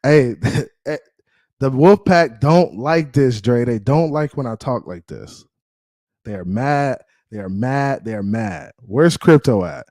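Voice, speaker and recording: Hype guy on a sports livestream, jumpy lively voice, dry close mic, roasting rival fans. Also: medium pitch, slow, no room sound. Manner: animated, trash-talking, shouting out viewers. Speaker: livestream sports show host. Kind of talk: casual live-stream banter.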